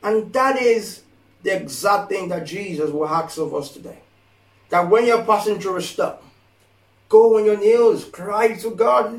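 Slow, echoey preacher with a high voice. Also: male voice. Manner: rising to impassioned shouted pleas; slow, emphatic, repeats phrases. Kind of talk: sermon. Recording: echoey room from far off.

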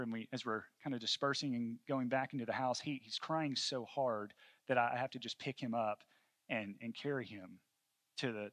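A man in his thirties preaching a sermon, earnest, moving between hushed storytelling and fervent calls. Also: medium pitch, no room sound. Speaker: pastor.

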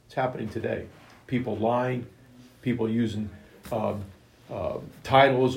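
A man delivers an emphatic sermon, retelling scripture in plain, everyday words. His voice is gravelly and sits at a middle pitch. The room around him rings with echo. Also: normal speed, a little mellow. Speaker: preacher. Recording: echoey room.

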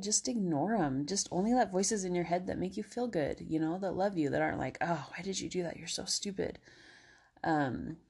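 A woman with a low, slightly breathy voice hosts a casual self-help podcast. She talks gently and encouragingly, full of everyday fillers, and at times eases into soothing guided relaxation. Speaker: podcast host.

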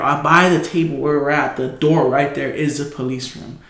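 A man's voice: on the high side, fairly even intonation, normal speed, vocal fry, fairly bright tone. A young man telling a story in casual chat, loose and full of slang, swearing and fillers. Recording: echoey room.

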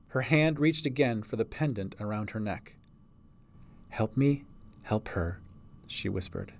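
A man's voice: medium pitch, darkish tone. A man narrating a storybook reading as its writer and producer.

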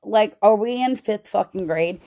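A woman podcast host venting about her job in a casual, profane, animated way, with many "like"s. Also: medium pitch, measured pace. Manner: profane, animated storytelling with lots of "like".

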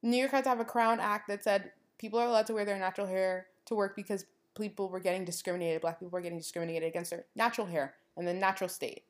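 Talking fast with few pauses, this young podcast host has a mid-range voice. Her casual monologue is lively storytelling in which she performs the quoted dialogue, sprinkling in "like" again and again.

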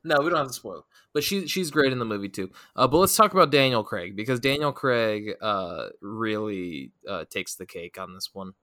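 A man co-hosting a casual movie review podcast, talking in a relaxed, halting way with many fillers. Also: on the low side, dry recording, clean studio sound. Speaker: podcast co-host.

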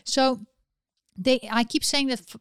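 Chatty woman with a smooth, higher voice. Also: fairly even intonation, a little slow, fairly bright tone, no room sound, clean studio sound. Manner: chatty, opinionated, with frequent restarts. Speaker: live chat host. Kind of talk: casual livestream chat.

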